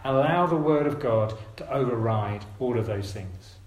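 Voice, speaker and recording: Male preacher, mid-pitched, earnest and gentle exhortation, roomy church sound. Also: animated, normal speed. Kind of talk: sermon.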